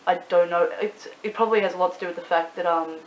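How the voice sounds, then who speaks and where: A young woman with an Australian accent, rambling casually to camera in a vlog, swearing freely and filling pauses with ums and likes. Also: lowish voice, fairly even intonation. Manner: chatty, swears freely, rambling with many fillers. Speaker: YouTuber and club promoter. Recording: echoey room with faint hiss.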